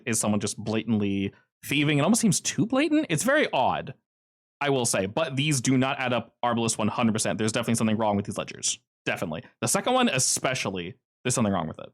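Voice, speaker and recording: A man narrating as game master in a casual, animated storytelling manner. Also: mid-range voice, fast.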